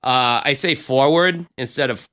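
A man's voice: lowish voice, normal speed, bright, forceful tone, clean tone. Rambling man on a casual podcast. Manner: rambling, profane, lots of fillers. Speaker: podcast co-host.

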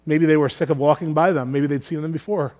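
Earnest man preaching, higher voice. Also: fairly even intonation, fast talker, darkish tone. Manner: earnest, repeats words while thinking aloud. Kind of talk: sermon with scripture reading.

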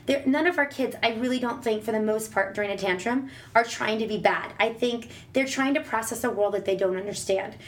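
A woman with a fairly high voice speaks in relaxed, chatty advice mode. She is animated and theatrical, jumping into playful, exaggerated voices when she quotes conversations with her child. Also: a little fast, few pauses. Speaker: parent sharing advice. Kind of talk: casual advice chat.

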